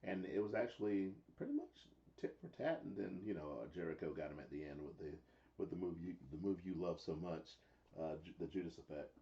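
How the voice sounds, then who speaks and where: A man co-hosting a casual live chat show who tells stories in an animated way and laughs often. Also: low voice, fairly quick, muffled recording. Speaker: co-host.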